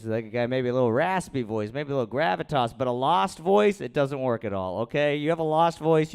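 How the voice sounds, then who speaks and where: Self-mocking stand-up comic man, smooth voice. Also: mid-range voice. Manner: rambling, self-deprecating, crude. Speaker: stand-up comedian. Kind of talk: stand-up set at an open mic. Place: small comedy room, live. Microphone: handheld stage mic.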